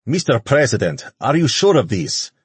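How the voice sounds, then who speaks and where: A man's voice: medium pitch, sing-song, normal speed, breathy edge, no echo, voice pushed up. A man voicing a formal, cautious male advisor addressing his president. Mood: worried.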